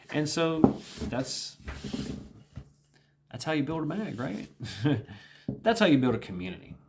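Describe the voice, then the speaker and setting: A man's voice: medium pitch, a little hiss or hum. A middle-aged man talking through a casual monologue vlog, rambling and repeating himself, with small laughs. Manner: rambling, repetitive, with laughs and mimicked quotes. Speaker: vlogger.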